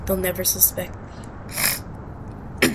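A woman's voice: fairly low pitch, big pitch swings, slow, background noise. A woman giving gameplay commentary, trash-talking opponents in a brash, profane and dramatic way. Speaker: gaming video creator.

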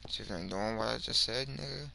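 A young man giving slangy, rambling commentary over his game, swinging from mumbles to shouts. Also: lowish voice, fast, creaky, a little hiss or hum. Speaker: gaming video creator. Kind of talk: casual gameplay commentary.

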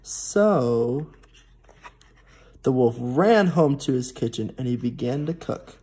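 A teenage boy reading a picture book aloud to preschool children, gently and slowly. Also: mid-range voice, expressive, slightly rough. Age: teens. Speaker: storybook reader.

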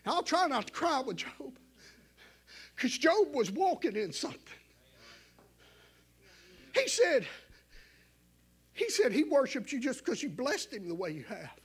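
Male preacher, very high voice, fervent, shouts then drops to a hush. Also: big pitch swings, a little slow, pauses often, breathy edge. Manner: fervent, swinging between shouting and hushed asides. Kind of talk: sermon.

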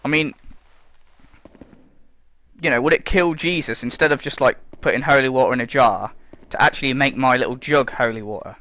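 A man's voice: moderate pace, long pauses, pushed and bright. A man giving casual, sarcastic gameplay commentary, swearing freely and mocking the game. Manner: sarcastic, sweary, mocking, breaks into squeaky mock voices. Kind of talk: casual let's play commentary.

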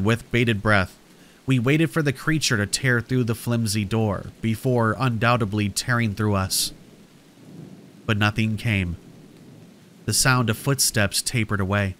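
A man reading a scripted horror story aloud in a measured, dramatic way. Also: fairly low pitch, fairly bright tone.

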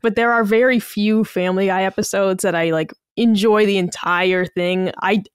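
A woman's voice: medium pitch, fairly even intonation, moderate pace, smooth, no echo, clean studio sound. A woman in casual podcast chat, talking in a chatty, joking way.

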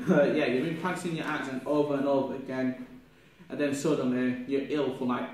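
A young man, a drama student, reflecting aloud on his performance in a halting, rambling way with many restarts, sounding ill with a cough. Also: mid-range voice, steady tone, a little mellow. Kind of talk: spoken self-reflection. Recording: echoey room from far off, faint noise.

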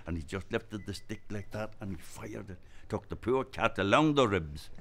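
An older man with a Donegal Irish accent telling a traditional story live. He talks in a lively way and acts out voices and gestures. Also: lowish voice, normal speed, vocal fry. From Ireland, Inishowen area.

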